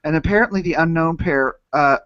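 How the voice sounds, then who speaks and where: Podcast co-host, man, profane and giggly, slightly high voice, dry lo-fi recording. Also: brisk, a bit bright, dry recording. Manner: profane, laughing, reads news aloud with jokes. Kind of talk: casual comedic chat. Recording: dull, dry lo-fi sound.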